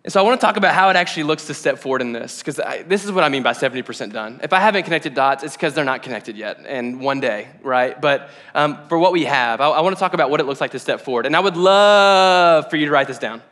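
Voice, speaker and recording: Male pastor, high bright voice, animated conversational sermon, long hall reverb. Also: quick pace, few pauses. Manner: conversational and animated, rising to emphatic exhortation.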